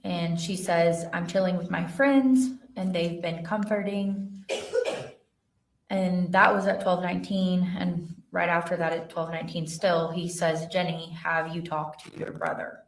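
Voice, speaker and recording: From a distance in a spacious courtroom full of echo, a very low-voiced woman gives testimony as an investigator. She reads out text messages in a steady, plain manner, with pauses on fillers.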